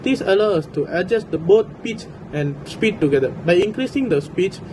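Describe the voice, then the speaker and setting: A young male student reading a tutorial script in a steady, even delivery. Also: sits high, normal speed, background noise. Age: young adult. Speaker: student presenter. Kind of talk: read-out tutorial narration.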